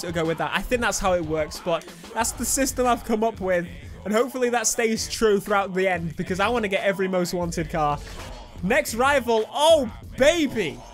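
Excitable young man, high voice. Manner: excitable, yelling at rivals mid-race. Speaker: gaming YouTuber. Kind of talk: let's play commentary. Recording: game music and engine noise behind.

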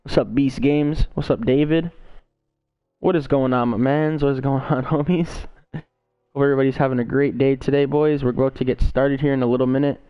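A man's voice: medium pitch, steady tone, brisk, smooth, dry recording, dull audio. A young man live-streaming a game, casually greeting his viewers by name over a gaming headset.

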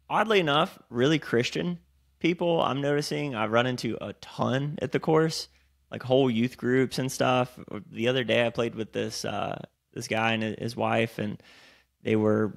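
A man, co-hosting a podcast in casual chat and telling animated, swear-laced stories. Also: medium pitch, creaky. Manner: animated storyteller, swears freely. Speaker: podcast co-host.

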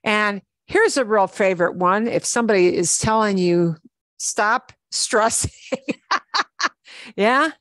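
Slow, patient woman teaching Spanish. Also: medium pitch, fairly bright tone, no room sound. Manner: patient, repeats words slowly for learners; switches between English explanation and Spanish examples. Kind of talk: online language lesson.

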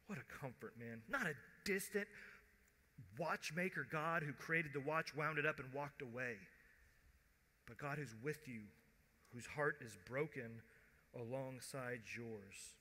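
A man preaching a sermon as pastor, conversational, acting out quoted voices and dropping to a hush at tender moments. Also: fairly high pitch, animated, normal speed. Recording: long church hall reverb.

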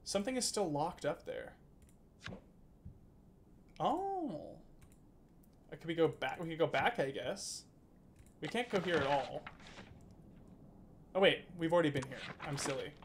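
A man's voice: fairly high pitch, lively intonation, moderate pace, pauses often, a little hiss or hum. A man streaming a video game, chatting casually, reading game text aloud, laughing and swearing now and then. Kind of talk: casual gameplay commentary.

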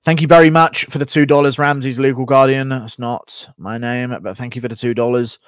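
A man's voice: mid-range voice, steady tone, a little fast, smooth, no room sound, studio quality. Crude, joking male streamer. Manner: crude, profane, joking banter while reading donations. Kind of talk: casual live-stream chat.

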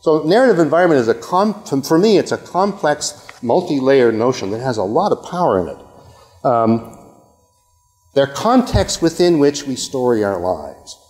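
A man's voice: mid-range voice, big pitch swings, moderate pace, darkish tone. An older man from Canada giving a rambling academic lecture, breaking off mid-sentence and checking in with his audience through frequent okays. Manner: rambling, self-interrupting, with frequent okays and asides. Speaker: university lecturer. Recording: long hall reverb.

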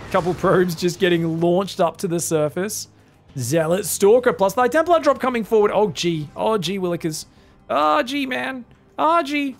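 Gravelly Australian man casting a game. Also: fairly high pitch, a little hiss or hum. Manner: joking, chatty, teasing asides. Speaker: esports caster. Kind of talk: solo game commentary.

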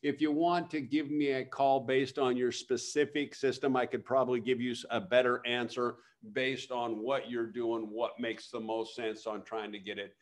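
A man with a mid-range voice co-hosting a casual live webinar Q&A. He gives practical, advisory answers, often pausing on "um" and "uh". He is heard over a video call microphone. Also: mid-range voice, level tone. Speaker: webinar co-host giving agronomy advice.

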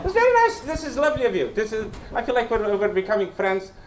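A man's voice: high-pitched, very animated, quick pace. A man from Romania doing stand-up comedy in a small basement club, teasing the crowd and checking in with them. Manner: playful, teasing, checks in with "right?". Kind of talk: stand-up set with crowd work. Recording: echoey room mic from far off, loud crowd and noise.

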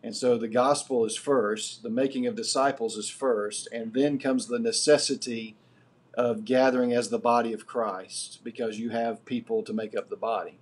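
A middle-aged man giving a live class lecture as guest lecturer, building his points deliberately and earnestly. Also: mid-range voice, steady tone, husky.

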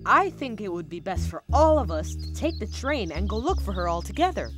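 A woman's voice: medium pitch, big pitch swings, a little fast, lightly acted. A woman voicing a sensible, slightly smug young cartoon boy. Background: kids' cartoon music.

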